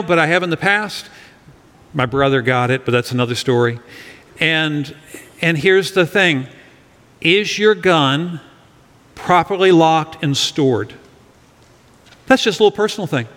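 A man's voice: on the high side, a bit bright, long reverb tail. A middle-aged male pastor giving an earnest sermon to his congregation, leading them in reading a verse aloud. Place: church sanctuary.

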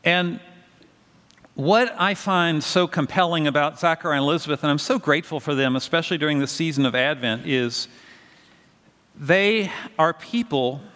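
Slightly high-voiced man preaching in a reverberant hall. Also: normal speed, fairly bright tone. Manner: conversational storytelling with questions to the congregation. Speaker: pastor. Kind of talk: sermon.

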